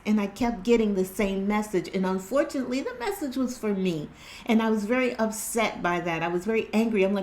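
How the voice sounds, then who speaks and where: A woman's voice: medium pitch, a little fast, a little mellow. A woman hosting her own spiritual tarot channel, talking earnestly and casually with many fillers and restarts. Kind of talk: casual spiritual vlog chat. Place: indoors at home by natural light.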